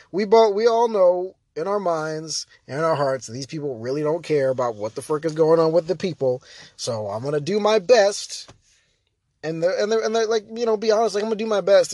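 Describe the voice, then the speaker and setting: A man's voice: a little high, darkish tone, no room sound. An American man ranting casually about politics, rambling with many fillers and restarts, sounding exasperated. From United States. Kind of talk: casual opinion rant.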